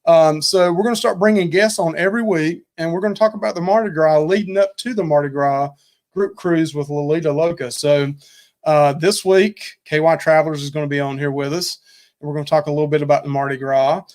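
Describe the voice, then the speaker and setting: A man's voice: a little high, steady tone, brisk, darkish tone. A middle-aged man co-hosting a live cooking and travel stream, chatting casually and rambling as he thanks viewers over and over.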